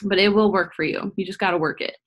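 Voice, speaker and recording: A woman's voice: mid-range voice, steady tone, fast. A young woman leading a group call, giving casual, earnest coaching tips and often repeating herself for emphasis. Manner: earnest, repetitive, addresses listeners as "you guys". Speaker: team leader hosting a business call.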